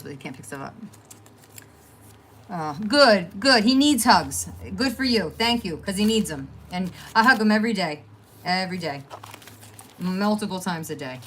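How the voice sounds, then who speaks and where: Her voice sits fairly low, carrying a faint hiss or hum. A middle-aged woman hosts a crafting livestream from home, chatting to viewers in a rambling way and trailing off into fillers.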